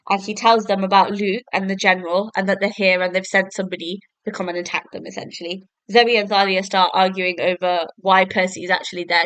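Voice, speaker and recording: A woman's voice: medium pitch, fairly bright tone, clean tone, no echo, low-quality recording. A young woman, hosting a podcast and retelling a book's plot in a casual, chatty way, full of fillers. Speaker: podcast host. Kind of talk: casual book review monologue.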